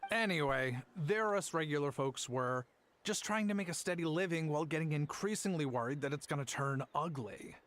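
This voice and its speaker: An actor playing a polite, apologetic merchant in a game, explaining things in a friendly way. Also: male voice, a little high, moderate pace, a bit bright, natural voice. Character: polite adult male traveling merchant. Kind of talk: game voice acting.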